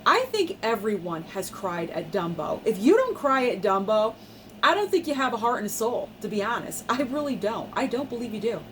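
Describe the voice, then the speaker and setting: Woman movie vlogger, fairly high voice, gushing and emphatic, faint room hiss behind. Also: sing-song, moderate pace, a bit bright, low-quality recording. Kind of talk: casual movie review vlog.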